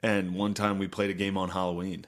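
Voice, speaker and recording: A man co-hosting a comedy podcast, telling stories, laughing easily and shouting out other people's lines. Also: deep voice, flat delivery, a little fast. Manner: storytelling, laughs easily, loud bursts when acting out people. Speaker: podcast co-host. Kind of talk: casual comedy podcast chat.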